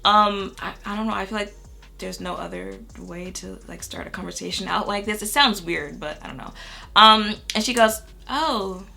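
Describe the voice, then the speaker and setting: A woman's voice: mid-range voice, moderate pace, gravelly, pushed and bright, faint music behind. A young woman telling a storytime on her beauty vlog, chatty and full of fillers. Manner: chatty, heavy on fillers like "you know" and "like". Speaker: beauty YouTuber.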